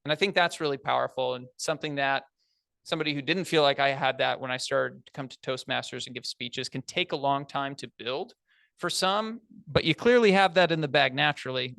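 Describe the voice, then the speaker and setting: A man's voice: medium pitch, gravelly, fairly bright tone, no echo. A man evaluating a speech in front of an audience in a large meeting room, talking in an encouraging, conversational, plain-spoken way.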